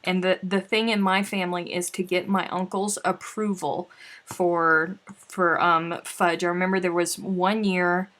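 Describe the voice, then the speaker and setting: A woman's voice: on the low side, flat delivery, a little slow, fairly bright tone. A woman hosting a casual craft livestream, chatting and reading out viewer comments with sighs and laughs. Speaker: livestream host. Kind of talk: casual chat while crafting.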